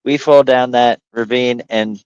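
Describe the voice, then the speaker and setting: Smooth-voiced man telling animated stories. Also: mid-range voice, unhurried, dry recording, dull audio. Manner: animated storyteller, acts out quotes. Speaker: livestream co-host. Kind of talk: casual chat.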